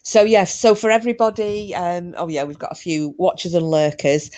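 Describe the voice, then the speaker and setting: A woman's voice: lowish voice, fairly even intonation, normal speed, warm tone. A middle-aged woman hosting a casual livestream from home, chatting and laughing through bawdy banter with her viewers. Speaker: livestream host. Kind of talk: casual chat with live chat viewers.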